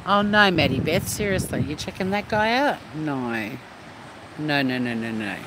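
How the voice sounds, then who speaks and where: A man's voice: a little high, big pitch swings, normal speed. Sweary Australian man chatting outdoors. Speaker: livestream host reading chat. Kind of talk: casual live-stream chat. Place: outdoors at a beach. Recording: noisy outdoor street sound.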